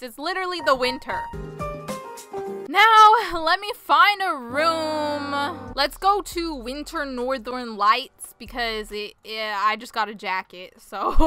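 Young Southern woman, excitable gaming commentary; high, bright, very animated delivery. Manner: chatty, excitable, quick reactions with laughs and gasps. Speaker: YouTuber.

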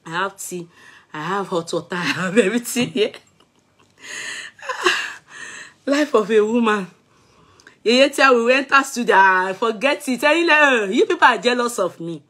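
A woman's voice: a little high, expressive, measured pace, long pauses, a bit bright. A middle-aged Nigerian woman vlogging in casual chat, playful, laughing often and breaking into song. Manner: playful, sings snatches and mixes in Yoruba and Pidgin.

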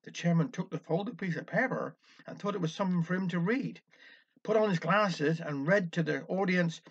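A man's voice: high voice, normal speed, husky. A man with a Cornish accent telling a wry village dialect story. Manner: wry, anecdotal. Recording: dull lo-fi recording.

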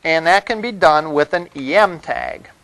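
Male instructor, lecture-hall delivery, voice on the higher side, relaxed and rambling, checks in with the class often. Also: normal speed. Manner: loose and conversational, many fillers and "all right?" check-ins. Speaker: college web development instructor.

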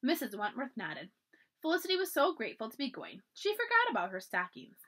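A woman reads a children's chapter book aloud as a library storyteller, her voice expressive and animated. Her pitch moves a lot, rising and dipping through the narration. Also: fairly quick.

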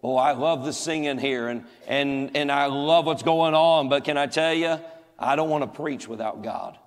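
Pastor preaching, high voice, folksy jokes, big echoey church hall. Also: male voice, moderate pace. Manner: folksy, joking, emphatic repetition. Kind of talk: sermon.

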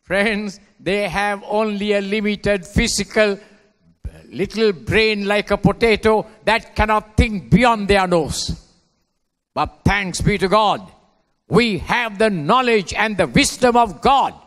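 A man preaching a sermon as a pastor, swinging between hushed lines and shouted ones. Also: high-pitched, takes it slowly. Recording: long hall reverb.

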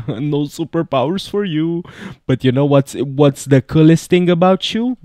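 Gushing, excitable gaming man, dry close mic. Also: a little high, measured pace, dry recording. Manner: gushing, gasping and laughing, swings loud to soft. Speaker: gaming youtuber. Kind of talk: excited let's-play commentary.

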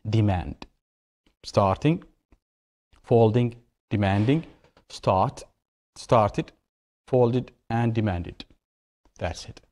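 A man's voice: medium pitch, warm tone. A male English teacher, explaining grammar rules to a class, repeating key words and asking questions.

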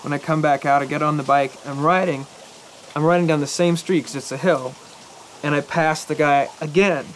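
A young man in a film telling a rambling anecdote to a friend, halting and correcting himself as he goes. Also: on the high side, fairly even intonation, a little hiss or hum, close to an everyday voice, rough recording. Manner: halting, hesitant, self-correcting.

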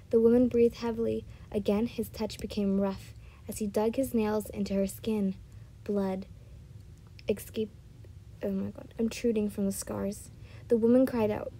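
A woman's voice: a little high, little pitch movement, moderate pace, mellow, low-quality recording. A woman reading fan fiction aloud, often stumbling and correcting herself. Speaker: storyteller.

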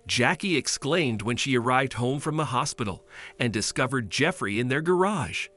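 A man reading a scripted story in a steady storytelling way. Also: mid-range voice, normal speed. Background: faint music.

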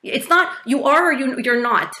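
A woman's voice: high-pitched, expressive, normal speed, pushed and bright. A woman hosting an interview in a casual, encouraging way, with plenty of short replies of agreement. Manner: encouraging, answers with short affirmations. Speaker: podcast host. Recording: echoey room.

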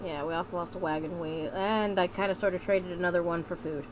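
A woman's voice: lowish voice, steady tone, a little fast, noisy background. A young woman playing a game with a partner, joking, laughing often and slipping into a mock folksy drawl. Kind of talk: playful let's-play banter in a put-on accent.

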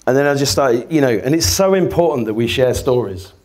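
A man's voice: medium pitch, expressive, fairly quick, a little mellow. A man giving a casual, rambling live talk to an audience, swearing freely and acting out conversations. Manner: rambling, swearing, acts out quoted exchanges. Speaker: guest speaker. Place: event venue before a live audience.

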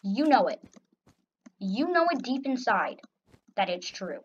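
Narrating her own play session, this young YouTuber alternates between fake enthusiasm and grumbled complaints, her mid-range voice swinging widely in pitch at an unhurried pace. The recording has a slightly muffled lo-fi quality and a faint hiss.

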